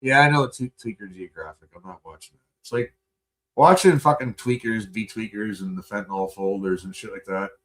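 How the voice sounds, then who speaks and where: Low-pitched male streamer, loose and profane, rambling rants with chuckles. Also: a little fast, a bit bright. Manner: profane, rambling, laughs often. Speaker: livestream host. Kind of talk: casual rant.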